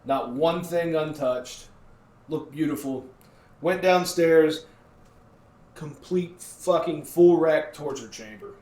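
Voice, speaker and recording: A man co-hosting a podcast from a home basement, joking and swearing in relaxed chat. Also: on the high side, slow. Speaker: podcast co-host. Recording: roomy basement echo.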